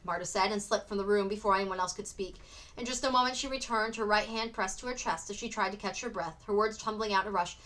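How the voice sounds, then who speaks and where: A woman teacher reading a novel aloud for students in an expressive storybook narration. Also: medium pitch, fast. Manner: expressive, acts out the characters.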